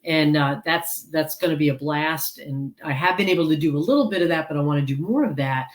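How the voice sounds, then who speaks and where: A deep-voiced woman, an author and counselor, appears as a guest in a casual video-call interview, speaking a little fast. She is earnest and tends to ramble, with lots of filler words.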